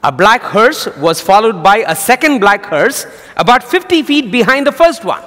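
A male pastor preaching a sermon, telling jokes as a lively storyteller. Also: sits high, moderate pace. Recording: long hall reverb.

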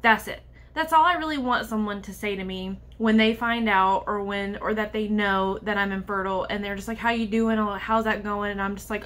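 A woman's voice: mid-range voice, a little fast, a bit bright. A young woman vlogger talking candidly and with frustration about a personal struggle, speaking straight to the camera. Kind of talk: personal vlog monologue.

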